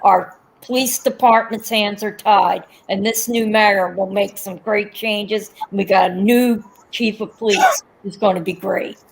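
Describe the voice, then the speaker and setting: A woman's voice: medium pitch, steady tone, a little slow, creaky, low-quality recording. A woman with a Philadelphia accent chatting casually and animatedly with friends, often talking over them. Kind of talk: casual chat.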